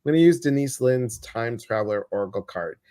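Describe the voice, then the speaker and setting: A man's voice: medium pitch, animated, brisk, mellow. A man co-hosting a weekly card reading live stream, chatting casually and greeting viewers with enthusiasm.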